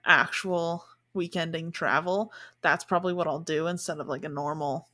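A woman's voice: low-pitched, steady tone, moderate pace, bright, forceful tone. A young woman co-hosting a podcast, chatting casually and filling her talk with "like". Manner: chatty, lots of "like" fillers. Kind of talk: casual chat.

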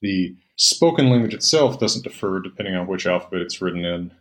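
This Old Norse scholar, a middle-aged man and interview guest, has a deep, expressive voice that runs a little fast with a fairly bright tone. He lectures patiently and at length, with many ums and fillers.

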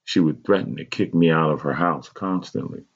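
Male reader voices a pained, pleading mother, pitched well up from his own voice, on a dull lo-fi recording. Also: lively intonation, moderate pace, creaky. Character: pained, regretful mother recalling a hard youth.

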